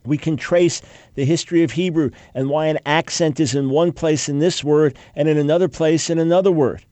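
A man's voice: fairly high pitch, steady tone, mellow, no room sound. Emphatic scholarly man, dry close sound. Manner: emphatic, quick asides with mocking quoted objections. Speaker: Bible scholar. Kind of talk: lecture-style talk.

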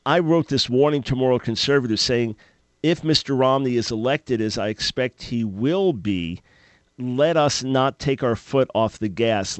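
A man hosting a call-in radio talk show, speaking in an earnest, measured way. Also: medium pitch, no room sound. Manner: earnest, measured, thinking aloud.

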